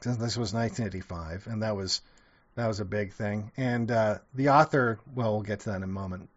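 A man's voice: fairly low pitch, brisk, lo-fi sound. A man giving casual reaction commentary, rambling and profane, with sarcastic asides and many restarts. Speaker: commentator reacting to an old TV show.

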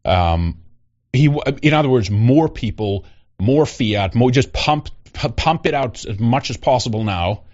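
A man's voice: mid-range voice, animated, unhurried, darkish tone. A man hosting a podcast in a casual, rambling, sarcastic way, often laughing. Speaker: podcast host. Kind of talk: casual opinionated chat. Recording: dull lo-fi podcast audio.

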